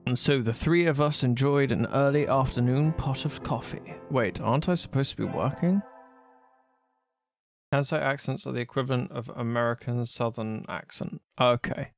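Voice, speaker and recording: A man on a live stream reading a visual novel aloud in a playful way, tossing in quick asides between lines. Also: mid-range voice, vocal fry, faint music behind.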